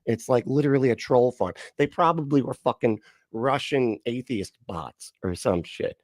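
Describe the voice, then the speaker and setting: A man's voice: mid-range voice, moderate pace, dry recording, studio quality. A man hosting a livestream, rambling and joking casually, swearing a lot and laughing often. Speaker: livestream host reacting to videos. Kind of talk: casual profane livestream chat.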